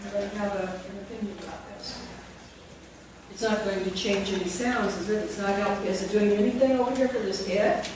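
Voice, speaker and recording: A woman's voice: mid-range voice, fairly even intonation, a little fast. Woman teacher trainer in an echoey room. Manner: demonstrative, models a classroom teacher with the adults. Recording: echoey room from far off with noise.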